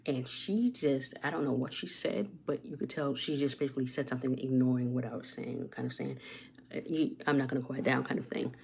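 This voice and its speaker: A woman's voice: very deep voice, steady tone, fairly quick, vocal fry, hardly any pauses, darkish tone, husky. A woman vlogging at home, chatting through a rambling story with asides about her makeup. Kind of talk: casual get-ready-with-me storytime.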